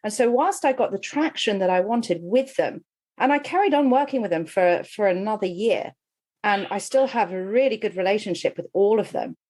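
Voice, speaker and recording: A woman's voice: medium pitch, moderate pace. A middle-aged woman, a well-being coach and podcast guest, telling a personal story candidly and with animation. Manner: candid, animated, laughs while telling stories. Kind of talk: conversational storytelling.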